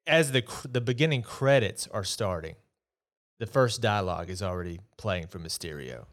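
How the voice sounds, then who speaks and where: A man's voice: lowish voice, expressive, normal speed, a bit bright. A man hosting a podcast, giving a casual, opinionated solo movie review in a chatty, exasperated way. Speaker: podcast host.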